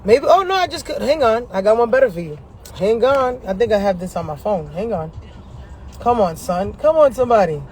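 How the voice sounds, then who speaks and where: A man's voice: high-pitched, brisk, soft background music. A man chatting casually to camera from his car, telling stories in a profane, slangy way and laughing often. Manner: animated, profane, slangy storytelling; laughs often between lines. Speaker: astrology vlogger. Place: inside a parked car.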